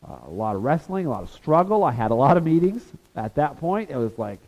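Animated man preaching in an echoey hall. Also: on the high side, fast, muffled recording. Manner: animated, acts out voices of the disciples and Jesus. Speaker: Bible teacher. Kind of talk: sermon. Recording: reverberant hall.

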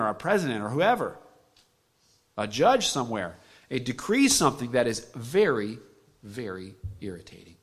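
Male preacher, bright and forceful tone, swings from hushed to booming, mid pitch. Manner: swings from hushed near-whisper to loud emphatic preaching. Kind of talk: sermon.

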